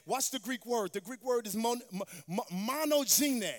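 A man's voice: extremely high pitch, animated, normal speed. A man preaching a sermon to a congregation in a church, with a sing-song cadence, calling on the crowd to answer back. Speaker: pastor. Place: church sanctuary. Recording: long hall reverb with faint music.

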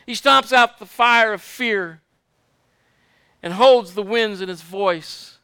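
A man's voice: high voice, slow, pushed and bright, clean tone, dry recording. A man preaching a fervent sermon, repeating his points and asking the congregation for amens. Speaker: pastor.

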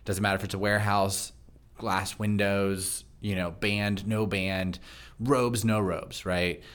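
Fast-talking man with a very deep voice. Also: little pitch movement, a bit bright, clean tone. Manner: fast-talking, chatty and laughing. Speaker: pastor and podcast host. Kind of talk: casual interview conversation.

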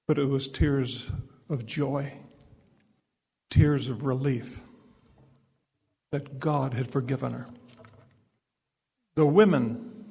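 A man preaches to an audience, telling a story and acting out its dialogue before pressing his point with force. His voice is gravelly and sits a little high. It rings with the long reverb of a large hall. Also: a little mellow. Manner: storytelling, quoting dialogue, building to emphatic preaching. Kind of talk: speech at a fundraising event.

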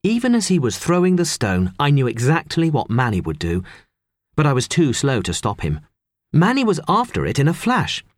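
A male audiobook narrator reads a script with expressive storytelling. His mid-range voice moves at a normal speed, and the recording is dry with clean studio sound.

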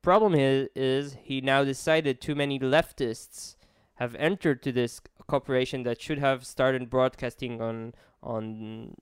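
A man, co-hosting a podcast and explaining events at length with halting restarts. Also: medium pitch, steady tone, clear, resonant tone, dry recording, clean studio sound. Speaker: podcast co-host. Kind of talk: casual explanatory chat.

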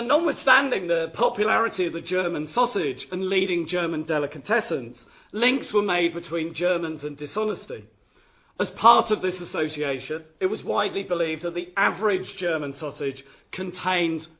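A man's voice: sits high, a bit bright. A man giving an academic history lecture, reading from his notes and often restarting his phrases. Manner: reads from notes with frequent restarts.

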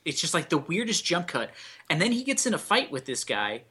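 A man with a bright, forward voice riffs on a bad movie, trading sarcastic jokes with his co-hosts. His podcast chat is loose and profane. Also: a little high, sing-song, fairly quick, slightly rough. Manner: sarcastic, wisecracking, swears freely. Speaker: podcast co-host.

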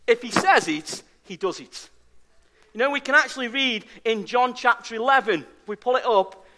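Pastor preaching at a church service, really high voice, punchy and repetitive. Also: male voice, moderate pace, pushed and bright, a little hiss or hum. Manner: emphatic, repeats key phrases for stress. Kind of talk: sermon.

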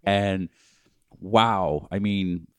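A man in a casual studio chat, telling stories in a lively, exaggerated way. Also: low voice, extremely slow, smooth, no room sound.

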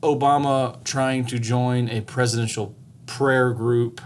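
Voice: mid-range voice, fairly even intonation. A podcast co-host chatting casually, mostly reacting briefly and tossing in dry asides. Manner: short reactions and dry asides, quick to laugh. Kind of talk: casual chat.

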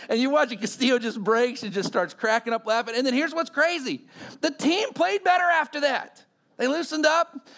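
A man's voice: very high-pitched, vocal fry. A man preaching a sermon, telling stories and acting out the quotes in them. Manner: animated storytelling, acting out quotes.

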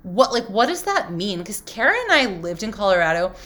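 A woman's voice: mid-range voice, sing-song, fairly quick, pushed and bright. A woman co-hosting a casual chat, recapping a reality show with snarky asides and casual swearing. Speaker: podcast co-host.

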